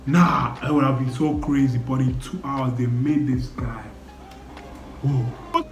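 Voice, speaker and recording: A man's voice: medium pitch, fairly even intonation, moderate pace, darkish tone. A young man giving a casual, emotional spoken review, exclaiming and repeating "no, no, no" as he talks. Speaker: anime reviewer. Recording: roomy echo, faint background music.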